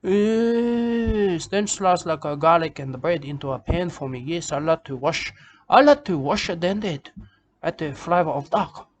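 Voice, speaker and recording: Comic bushman poet, self-important and repetitive, raised pitch, put on by a man. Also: animated, measured pace. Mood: rambling. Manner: rambling, repetitive, ends lines with "okay?" and "mate". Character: rambling self-important male Australian bush poet. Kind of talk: comic character monologue.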